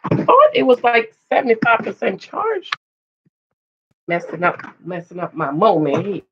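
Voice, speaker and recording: A woman's voice: mid-range voice, huge pitch swings, normal speed, slight background noise. A woman hosting a casual story-time video, reading from a book and chatting with viewers in asides. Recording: dull lo-fi recording.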